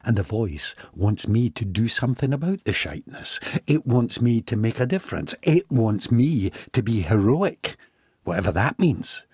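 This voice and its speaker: A man's voice: medium pitch, sing-song, moderate pace, a little mellow, breathy edge, no echo, clean studio sound. A man reading a first-person audiobook passage as an intense, sweary inner monologue that sometimes drops to a whisper. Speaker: audiobook reader.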